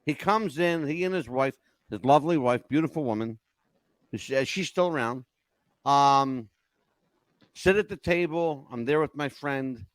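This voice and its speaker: An older man hosting a podcast, telling stories in a lively, emotional casual chat. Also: mid-range voice, unhurried, long pauses, no room sound. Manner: animated storyteller, emotional swings. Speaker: podcast host.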